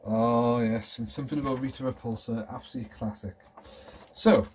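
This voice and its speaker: A man's voice: medium pitch, steady tone, fairly quick, a little mellow, a little hiss or hum. A man in his thirties chatting casually and enthusiastically as he shows off collectibles at home. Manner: rambling, enthusiastic, nostalgic. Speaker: collector vlogger. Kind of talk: casual show-and-tell chat.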